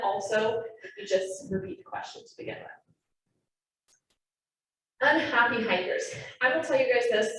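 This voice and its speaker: Brief: young woman trainer, quick and chatty, recorded from afar in a very echoey room. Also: medium pitch. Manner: quick, chatty, self-aware. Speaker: naturalist training presenter. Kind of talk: classroom presentation to trainees. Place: meeting room with live and online audience. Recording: echoey room, mic far off, faint noise.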